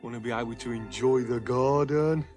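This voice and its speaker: An actor with a broad Birmingham accent playing a dim, homely husband in a 1990s TV advert, plodding through modest wishes. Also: male voice, mid-range voice, moderate pace, a little mellow, natural voice. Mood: content. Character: dim, homely Brummie husband, middle-aged. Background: music.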